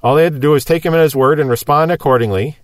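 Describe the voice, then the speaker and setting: A man's voice: a little high, racing, dry recording. A man preaching a sermon in a conversational, explanatory way, asking rhetorical questions.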